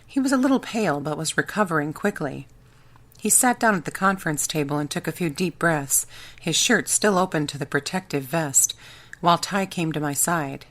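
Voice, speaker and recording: A woman's voice: sits low, animated, moderate pace, a bit bright. A woman narrating a first-person audiobook with a wry, sarcastic edge.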